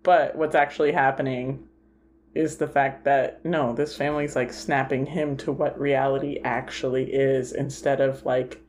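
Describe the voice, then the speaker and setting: A woman's voice: very deep voice, flat delivery, normal speed, a little mellow, slight background noise. A woman co-hosting a podcast, chatting casually about a film and retelling its scenes with lots of "like" fillers. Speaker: podcast co-host.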